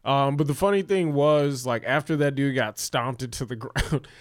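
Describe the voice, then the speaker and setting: A man's voice: medium pitch, normal speed, no room sound, studio quality. A man, a comedian co-hosting, telling loose profane stories and laughing a lot. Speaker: co-host comedian. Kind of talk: casual comedic chat.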